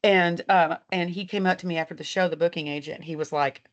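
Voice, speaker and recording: Her voice is lowish and steady, delivered a bit quickly. The Texas country singer is interviewed over a laptop video call as she walks about her home, telling relaxed, talkative stories full of laughter, profanity, and acted-out conversations.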